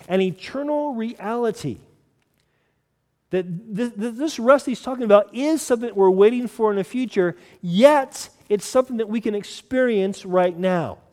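A male pastor preaching a sermon in an earnest manner, repeating key phrases and dropping to soft emphasis. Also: sits high, big-room sound.

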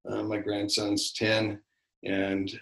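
A man's voice: on the low side, completely flat delivery, takes it slowly, gravelly, fairly bright tone. Older man telling rambling stories, roomy sound. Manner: rambling storyteller with many restarts and fillers. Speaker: podcast co-host. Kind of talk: casual faith podcast chat.

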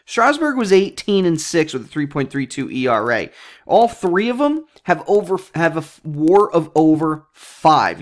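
A young man hosting his own sports podcast, chatting casually in a jokey, self-deprecating way that rambles and restarts. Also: on the high side. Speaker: podcast host.

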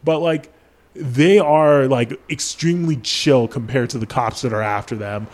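A man's voice: medium pitch, unhurried, a little mellow. Young man ranting casually on a podcast. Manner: casual, profane, lots of "like" fillers. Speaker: podcast host. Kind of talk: casual chat.

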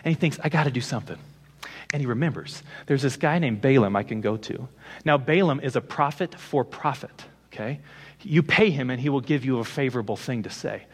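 A man preaching a sermon as a pastor, retelling a scripture story with lively, emphatic delivery. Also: mid-range voice, fairly quick, slightly rough, big-room sound.

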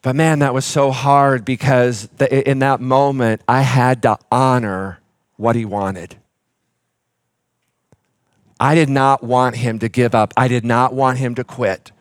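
A man's voice: medium pitch, steady tone, slow pace, dry recording. A middle-aged man preaching as a pastor, with a voice sitting in the middle range. He tells a personal story with fillers and restarts. The sound is close and dry, with almost no room around it. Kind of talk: sermon.

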